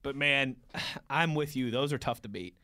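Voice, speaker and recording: A man's voice: mid-range voice, unhurried, pushed and bright. A man in his thirties co-hosting a sports radio show, chatting casually and reading out listener tweets. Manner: easygoing, reads out listener tweets. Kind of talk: casual sports talk chat. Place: radio studio.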